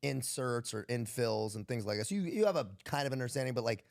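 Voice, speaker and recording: A man's voice: mid-range voice, expressive, fast, vocal fry. An American man, a military veteran guest, telling stories in a laid-back, profane way and laughing often. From United States. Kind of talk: casual podcast storytelling.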